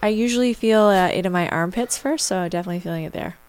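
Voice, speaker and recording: A woman's voice: on the low side, fast, darkish tone, clear, resonant tone, no echo. Female podcast co-host, wry and easygoing, dry close mic. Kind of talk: casual podcast banter.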